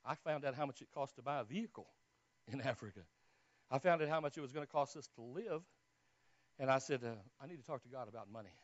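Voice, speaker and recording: A man preaching a sermon, telling his own testimony in a fairly high voice. He drops to a hush and then bursts into loud exclamations. The recording is dry and a little dull. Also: no echo. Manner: storytelling, swings from hushed to loud exclamations.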